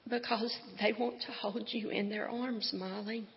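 A woman reading aloud and voicing a tender male God who answers gently and reassuringly, in a dull, echoey hall recording. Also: medium pitch, fairly even intonation, unhurried, pitched above the performer's own voice, close to an everyday voice. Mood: gentle.

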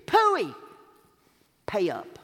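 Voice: high-pitched, sing-song, slow pace, pitched above the performer's own voice, exaggerated voice. A preacher voicing an angry king who mocks and scolds a servant, with long hall reverb. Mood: scornful. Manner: mocking, scornful.

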